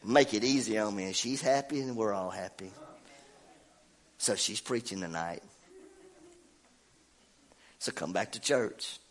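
A middle-aged man, preaching and telling a homey story in a folksy, animated way, his voice congested from a cold. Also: lowish voice, a little slow, long pauses. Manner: folksy, animated, laughs at himself. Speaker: pastor. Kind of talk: sermon with personal story.

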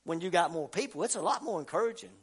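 Fervent high-voiced preacher man. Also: lively intonation, fast, slightly rough. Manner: fervent, swings between quiet talk and shouting. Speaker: pastor. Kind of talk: sermon.

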